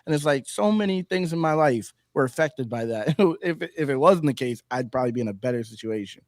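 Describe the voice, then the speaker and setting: A man's voice: medium pitch, animated, a little fast, no echo, clean studio sound. A man guesting on a podcast, chatting casually and telling stories animatedly, often agreeing with short "yep"s. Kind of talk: casual chat.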